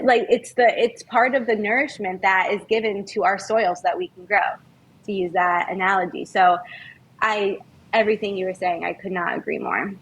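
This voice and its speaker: A woman's voice: mid-range voice, breathy edge, low-quality recording. A woman guest on a podcast, an herbalist, speaking earnestly and heartfelt about her experience, drawing out key words. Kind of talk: reflective conversational interview.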